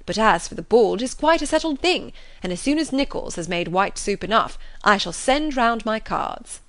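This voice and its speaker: A woman reading the part of an easygoing young gentleman, breezy and good-humoured. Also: fairly high pitch, expressive, moderate pace.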